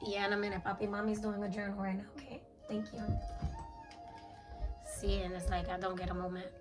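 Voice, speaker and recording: A woman's voice: mid-range voice, steady tone, brisk, music in the background, low-quality recording. A woman in her thirties speaking in a candid confessional journal, weary and blunt, swearing often. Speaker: mother journaling on camera.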